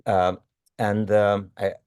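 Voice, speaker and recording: A man's voice: fairly low pitch, level tone, slow pace, a little mellow, clear, resonant tone. A male interviewer who stumbles and repeats words while shaping his questions.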